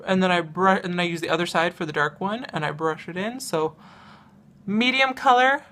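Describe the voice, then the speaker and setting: A woman's voice: lowish voice, moderate pace, fairly bright tone. A young woman vlogging about her makeup in a casual, rambling chat full of fillers, showing products as she talks. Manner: chatty and rambling, lots of "um" and "like", laughs often; demonstrates products while talking.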